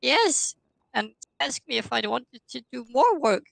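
A woman's voice: sits high, very animated, measured pace, gravelly, dry recording, exaggerated voice. A woman voicing a timid, simple grown son in a live roleplay, stammering and childlike.

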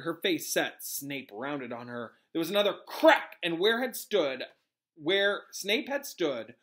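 A male teacher reading a novel aloud to his students in an animated way, pausing to correct himself and explain. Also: a little high.

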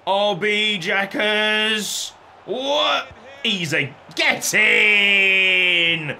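A young man commentating his football video game, cheering and shouting at each goal. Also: sits high. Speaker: gaming YouTuber.

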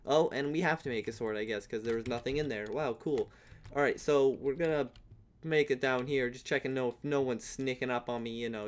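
A young man giving casual, rambling commentary on his own gameplay, now and then breaking into playful yelling. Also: mid-range voice. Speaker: gaming YouTuber.

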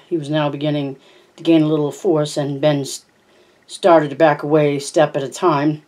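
A homemade audiobook narration at a middle pitch with a warm, dark tone. The reader trips over words now and then and backs up to fix them. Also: little pitch movement, normal speed. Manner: frequent stumbles and self-corrections. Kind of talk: reading a novel aloud.

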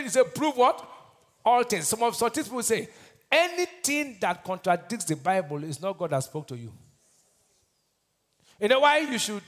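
Nigerian pastor quizzing his congregation. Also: high-pitched. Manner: call-and-response, quizzing the congregation; swings between loud declarations and hushed lines. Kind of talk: sermon.

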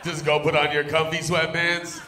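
Crude comedy guy roasting the crowd, bright edgy voice, echoey club mic. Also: a little high, flat delivery, normal speed, slight background noise. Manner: crude, brash, bursts into loud teasing. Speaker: stand-up comedian. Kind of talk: live stand-up with crowd work. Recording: echoey live club room.

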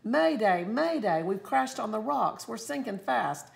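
A woman's voice: a little high, expressive, unhurried, vocal fry, voice pushed up, full character voice. A woman voicing an urgent distress caller on a sinking boat, in a storybook reading. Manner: urgent, loud.

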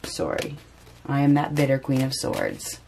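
A woman's voice: lowish voice, moderate pace, background noise. A woman giving a casual spoken tarot reading, chatty and repeating phrases for emphasis. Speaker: tarot reader.

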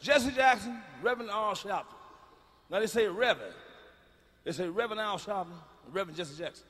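A middle-aged man doing a profane, blunt stand-up routine, booming out his punchlines live in a large venue. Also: expressive, brisk, fairly bright tone, breathy edge. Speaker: stand-up comedian. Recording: live stage mic in a reverberant arena.

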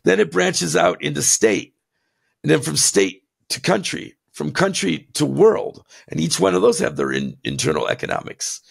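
A man co-hosting a podcast who rants in a heated, blunt way, laughing between his jabs, with a gravelly voice. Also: high-pitched. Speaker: podcast co-host. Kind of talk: impassioned ranting podcast talk.

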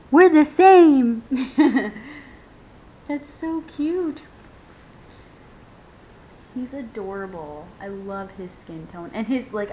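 A young woman in casual unboxing chat who gushes, squeals and laughs often as she talks to her viewers. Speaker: vlogger unboxing a reborn doll. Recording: dull lo-fi home video with faint rumble.

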